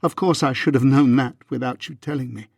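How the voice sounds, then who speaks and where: A man voicing a hurt, proud young Regency wife in an audiobook, with a husky, measured and restrained delivery. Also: mid-range voice, steady tone, a little mellow, no room sound. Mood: wounded. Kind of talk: audiobook reading.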